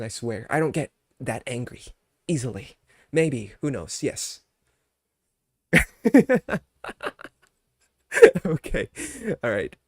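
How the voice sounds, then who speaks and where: A man's voice: mid-range voice, no room sound, clean studio sound. A young man chatting casually on his live stream, ranting with mock anger at his chat, then laughing and apologizing.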